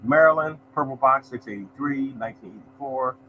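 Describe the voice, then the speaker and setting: A man's voice: mid-range voice, fairly quick, lo-fi sound, a little hiss or hum. A man hosting a lottery show, chatting casually as he reads results and greets viewers by name. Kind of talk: casual live-stream chat, reading results.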